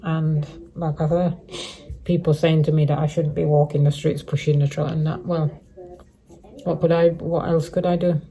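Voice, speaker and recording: A woman's voice: sits low, level tone, normal speed, dark tone. A middle-aged woman vlogging a casual update to her viewers, rambling and repeating herself, with many restarts. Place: living rough on the streets.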